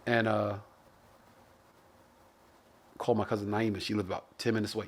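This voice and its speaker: Animated New comedian telling stories. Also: male voice, on the low side, normal speed. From Brooklyn, New York. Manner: animated, profane, acts out quotes. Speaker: comedian host. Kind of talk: casual storytelling chat.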